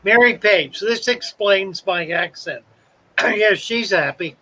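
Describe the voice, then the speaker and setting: A man from South Carolina hosts a live stream in a relaxed drawl. His voice sits high and bright, and he talks slowly while chatting through viewer comments. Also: rough recording. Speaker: host of a live fish-keeping stream. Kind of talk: casual live-stream chat reading comments.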